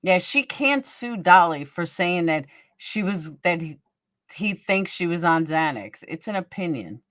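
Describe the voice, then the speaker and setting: A woman's voice: fairly low pitch, animated, unhurried, a bit bright, dry recording, studio quality. A woman hosting a casual livestream, blunt and profane, gossiping and answering viewers by name. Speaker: livestream host. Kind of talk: casual livestream chat reading viewer comments.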